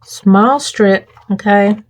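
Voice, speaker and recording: A woman's voice: mid-range voice, drawn-out words. A woman hosting a crafting tutorial, walking viewers through each step and checking in with them often.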